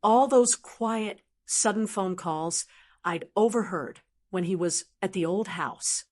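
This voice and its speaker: Slow, earnest woman storyteller. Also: medium pitch. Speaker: storyteller narrating as a mother. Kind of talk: scripted first-person story narration.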